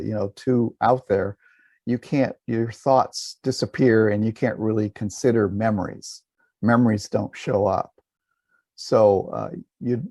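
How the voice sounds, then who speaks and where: A man leading a guided meditation, talking in a relaxed, unhurried way with some fillers and restarts. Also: mid-range voice, gravelly, no room sound. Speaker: meditation teacher.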